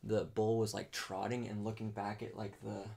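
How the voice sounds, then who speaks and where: A man telling a hunting story in a casual chat, animated and laughing, full of "dude" and "like". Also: fairly low pitch, moderate pace, creaky, husky. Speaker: podcast host.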